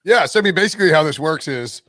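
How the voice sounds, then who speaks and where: A man's voice: on the high side, animated, fast, bright, forceful tone, no room sound, studio quality. A man co-hosting a casual football betting podcast, rambling and joking with many restarts and fillers. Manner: rambling, lots of restarts and "like", jokey. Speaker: podcast co-host, NFL betting analyst. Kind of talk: casual sports betting chat.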